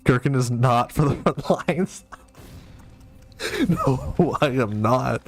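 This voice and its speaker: A man's voice: medium pitch, lively intonation, takes it slowly, soft background music. A man streaming a game live and reading chat, flustered, self-mocking and rambling.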